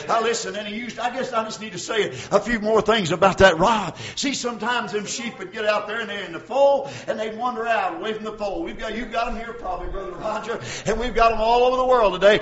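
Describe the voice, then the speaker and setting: An older man preaching a folksy sermon, calling out to his congregation by name and swinging between quiet storytelling and shouting. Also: sits high, normal speed, few pauses, dull audio.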